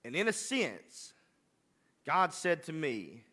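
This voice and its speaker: A man's voice: a little high, very animated, slow, long pauses, bright, forceful tone. A man preaching a sermon, rising to impassioned, emphatic delivery. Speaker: pastor.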